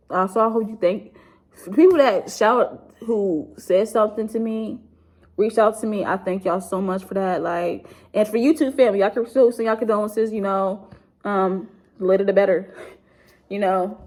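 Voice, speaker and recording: Her voice is medium-pitched and a little mellow. A grieving young YouTuber, subdued, rambles through an emotional storytime vlog for her viewers, saying "like" a lot and cursing bluntly.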